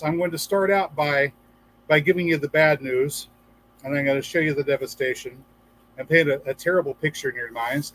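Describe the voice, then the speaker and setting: A man's voice: a little high, low-quality recording. A man hosting a casual livestream for gardeners, chatting, reading viewer comments aloud and telling jokes with a few acted-out voices. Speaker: livestream host.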